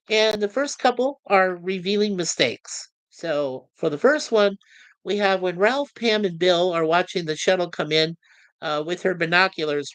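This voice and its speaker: A friendly man with a high-pitched, fairly bright voice reads chat messages aloud with filler pauses, chuckling as he goes. He's a podcast host doing a casual livestream review of a TV series, mixing in trivia. The recording carries no room sound.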